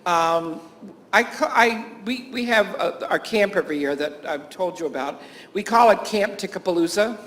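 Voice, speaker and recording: A man's voice: high voice, normal speed, a bit bright. A man who teaches and works at a camp, giving a conference talk to health professionals, full of anecdotes, frequent chuckles, fillers and restarts. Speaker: teacher and camp staff speaker.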